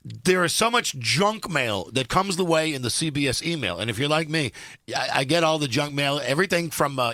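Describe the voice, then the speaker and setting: A man hosting a radio talk show, ranting in a casual, animated way. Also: medium pitch, no room sound.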